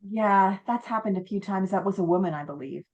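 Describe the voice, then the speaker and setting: Speaking a little fast at a medium pitch, a woman guest who runs a haunted inn shares stories in a casual interview, acting out quotes as an animated storyteller. The recording lacks its highs.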